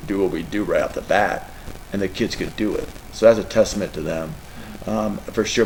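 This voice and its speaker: A man's voice: deep voice, darkish tone, a little hiss or hum, low-quality recording. A middle-aged man, a college football coach, answering press questions in an emotional, rambling way. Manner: emotional, rambling, tearful at times.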